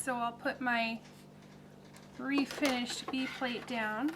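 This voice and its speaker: A woman's voice: a little high, fairly even intonation, slow, background noise. A woman hosting a crafting video, demonstrating and explaining in a practical, plain-spoken way with some fillers. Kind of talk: casual demonstration tutorial.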